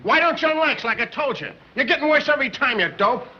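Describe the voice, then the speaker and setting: A man's voice: very high voice, lively intonation, fast talker. An actor playing an impatient gangster who bosses his men around in slang in an old film. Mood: bossy. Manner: bossy, scolding slang. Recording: dull muffled 1930s film soundtrack.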